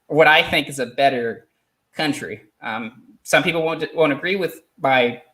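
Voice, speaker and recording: A man hosting a podcast in casual chat, talking haltingly with many repeated words and restarts. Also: fairly high pitch, sharp tone. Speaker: podcast host.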